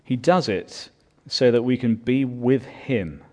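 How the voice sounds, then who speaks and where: A man's voice: medium pitch, takes it slowly, dark tone. A man preaching a sermon as pastor, earnest and building in volume on his key points.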